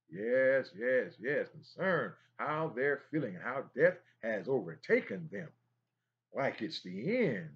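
A man's voice: medium pitch, a bit bright, slightly rough, dull audio. A man teaching a Bible study in an emphatic preaching style, repeating phrases and exclaiming as he goes.

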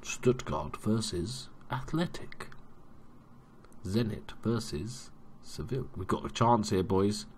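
Excitable man commentating his game. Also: lowish voice, slow pace, a little hiss or hum. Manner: excitable, swings from muttering to loud cheering. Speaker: let's play gamer. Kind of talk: casual gameplay commentary.

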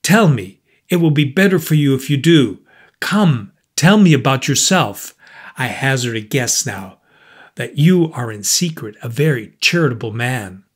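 Man voicing a brooding troubled man, gloomy, pressing, husky tone, storybook reading. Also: mid-range voice, expressive, a little slow. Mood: urgent. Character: tense, brooding man, restless and intense.

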